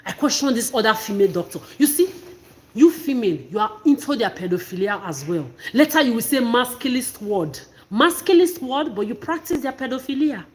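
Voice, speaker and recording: A woman talking straight to her viewers in an impassioned, emphatic monologue, often repeating herself. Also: a little high. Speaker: vlogger. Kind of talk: emotional personal monologue to camera.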